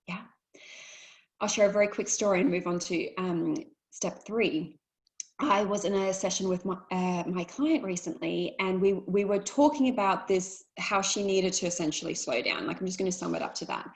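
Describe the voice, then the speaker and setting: A woman's voice: lowish voice, moderate pace, gravelly, rough recording. A woman, a life coach hosting a webinar on a video call, talking casually and encouragingly to her audience and acting out little dialogues. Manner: chatty and encouraging, acts out quoted dialogue.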